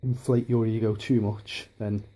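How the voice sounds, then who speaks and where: A man's voice: lowish voice, little pitch movement, unhurried, mellow. A man talking to camera in a casual vlog, hesitant with many ums and restarts. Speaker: YouTuber.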